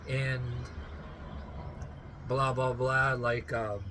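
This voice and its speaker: A man's voice: mid-range voice, normal speed, pushed and bright, slight background noise. A man telling a long story in a rambling, casual way, full of restarts and fillers, often holding back a laugh.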